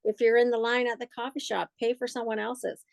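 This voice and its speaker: A woman's voice: fairly high pitch, flat delivery, fairly quick, vocal fry, no echo. A woman co-hosting a casual chat, earnest and encouraging as she asks listeners questions. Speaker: co-host.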